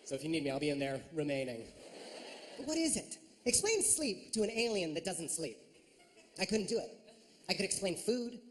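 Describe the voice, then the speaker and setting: A man performing a stand-up routine on a theater stage, lively and jumping into high silly voices. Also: moderate pace. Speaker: stand-up comedian. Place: large ornate theater stage. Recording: reverberant theater with audience noise.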